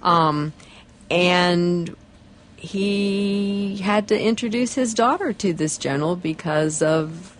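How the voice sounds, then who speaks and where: A woman's voice: on the low side, takes it slowly. A woman author answering interview questions, often repeating words as she thinks. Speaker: author and guest. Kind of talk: radio interview.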